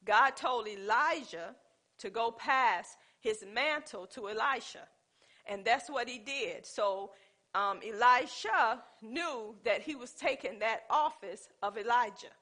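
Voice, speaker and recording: A woman's voice: fairly high pitch, slow pace. A woman preaching a sermon in a conversational, storytelling way, speaking. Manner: animated, conversational, with dialect and storytelling.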